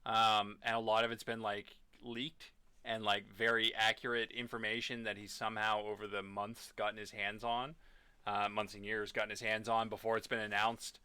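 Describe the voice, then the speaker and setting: A man co-hosting a gaming podcast in casual chat, animated and rambling with lots of fillers. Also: fairly low pitch, normal speed, smooth, no room sound. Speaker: podcast co-host.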